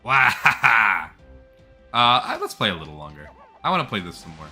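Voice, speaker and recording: Bright-voiced man chatting over gameplay. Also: low-pitched, quick pace, faint music behind. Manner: chatty, jokey, animated. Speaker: gameplay streamer. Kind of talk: casual gameplay commentary.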